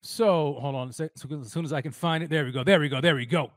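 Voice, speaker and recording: A young man hosts a live sports talk stream in a slightly high voice. He is excitable and slangy and keeps repeating his phrases. The recording is dry and close, with no room sound. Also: fast, no echo. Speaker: sports podcast host.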